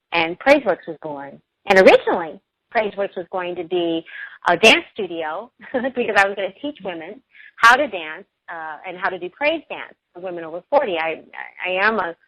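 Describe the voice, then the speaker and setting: A woman's voice: fairly low pitch, no room sound, highs cut off. A middle-aged woman, a radio show guest, telling a personal story in an earnest, emotional way.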